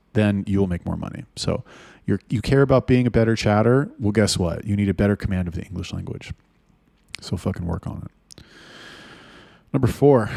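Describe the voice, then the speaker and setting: A man's voice: fairly low pitch, gravelly, a little mellow, no echo, studio quality. A man giving profane, exasperated advice in a blunt ranting monologue, swearing constantly. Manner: mocking put-on voices when quoting others. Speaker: agency owner giving chatter advice.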